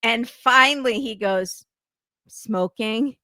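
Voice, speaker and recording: A woman's voice: mid-range voice, moderate pace, dry recording, studio quality. A woman hosting a casual recap podcast, acting out quotes with laughs. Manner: animated, acts out quotes with laughs. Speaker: podcast host.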